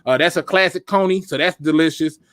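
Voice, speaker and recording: A man hosting a casual live stream, joking and reacting loudly to the chat. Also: fairly high pitch, brisk, no room sound, clean studio sound. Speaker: podcast host.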